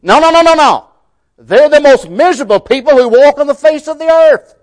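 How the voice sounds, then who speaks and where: A man's voice: very high-pitched, expressive, brisk, voice pushed up. A man voicing a worldly skeptic who scoffs incredulously and denies things with mocking emphasis. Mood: incredulous scoffing. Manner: emphatic, mocking repeated denials.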